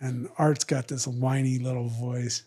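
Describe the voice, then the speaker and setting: A man's voice: mid-range voice, level tone, unhurried, mellow, breathy edge. A man telling a long story in casual podcast chat, acting out other people's lines in raised voices. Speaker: podcast guest, retired fighter.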